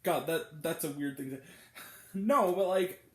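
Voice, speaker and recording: A man's voice: fairly high pitch, measured pace, reverberant. A man giving a blunt, exasperated, profane movie review as host of his own show. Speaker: film reviewer.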